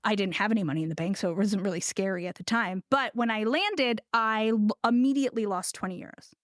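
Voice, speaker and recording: A woman's voice: mid-range voice, fast talker, no echo, clean studio sound. A middle-aged woman from the United States, a ceramicist guest, telling a story in a casual interview with laughs and acted-out quotes. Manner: animated, laughing, acts out quoted voices.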